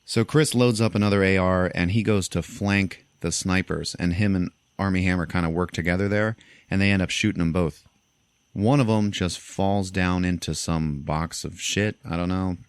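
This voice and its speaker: A young podcast host with a deep voice recaps a film scene by scene, telling it loosely and animatedly and slipping into high voices for the characters. His tone is steady and smooth at a normal speed, recorded close and dry.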